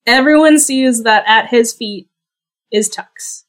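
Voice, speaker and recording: A woman narrating as game master of a tabletop game, relaxed and often laughing. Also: on the high side, slow pace. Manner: relaxed, giggly storytelling.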